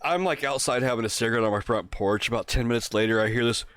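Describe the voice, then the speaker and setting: A man from Pennsylvania tells a crude prank story in casual podcast chat, swearing freely and breaking into laughter. His voice sits at an average pitch. The recording is dry and close. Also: fast talker, a bit bright, clean tone, dry recording. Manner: profane, laughs through his own story. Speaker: podcast co-host.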